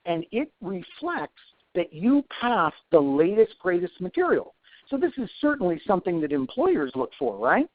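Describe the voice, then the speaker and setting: A man's voice: sits high, very animated, moderate pace, dry recording. A man in his forties, an instructor answering questions in a live webinar, chatty with self-deprecating asides. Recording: tinny phone-like dry sound.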